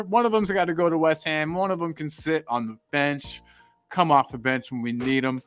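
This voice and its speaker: A man's voice: a little high, moderate pace, soft background music. A young American man hosting a casual chat, reading out live comments and rambling with repeated words. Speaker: podcast host.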